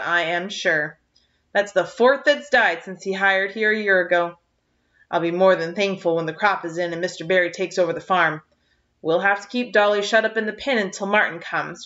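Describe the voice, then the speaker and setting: A stern, practical older farm woman, read by a woman in a storybook, brisk and matter-of-fact, at a middling pitch. The sound is muffled and lo-fi. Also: a bit bright, natural voice. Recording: dull lo-fi recording.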